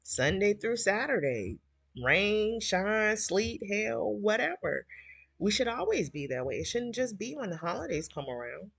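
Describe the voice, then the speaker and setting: A woman's voice: mid-range voice, very animated, a little slow, creaky, slightly rough, no room sound. A middle-aged woman, hosting a livestream and rambling emotionally while she reads viewer comments. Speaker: livestream host. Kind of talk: casual heartfelt livestream chat.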